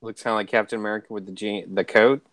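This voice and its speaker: A man's voice: on the low side, fairly even intonation, quick pace, a bit bright, no room sound. A man co-hosting a casual podcast chat, chiming in with easygoing, wry asides. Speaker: podcast co-host.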